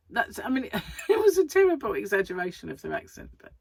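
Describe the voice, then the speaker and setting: A woman's voice: fairly low pitch, sing-song, fairly quick, gravelly, a little mellow, breathy edge, no room sound. A middle-aged woman, chatting casually and rambling to camera as a crochet vlogger, laughing often.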